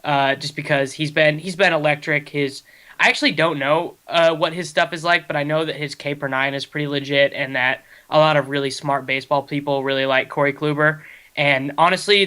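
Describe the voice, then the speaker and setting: Upbeat male co-host, bright ringing voice, fast analytical banter. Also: fairly high pitch, smooth. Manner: quick, analytical, self-deprecating. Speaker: fantasy baseball show co-host. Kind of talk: casual sports chat.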